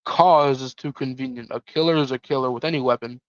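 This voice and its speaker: A man's voice: mid-range voice, steady tone, brisk, no room sound, lo-fi sound, natural voice. A man voicing a world-weary occult detective, dry and sardonic.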